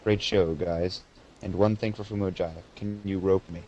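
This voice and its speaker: Low-voiced teen guy, faint hiss. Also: fairly even intonation, moderate pace, warm tone, lo-fi sound. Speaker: podcast co-host. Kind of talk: casual chat, reading voicemails.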